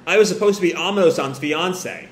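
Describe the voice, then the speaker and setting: A man's voice: high-pitched, fast, natural voice. A man voicing a flustered, polite young man who sputters formal apologies, reading a manga aloud. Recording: echoey room, faint hiss.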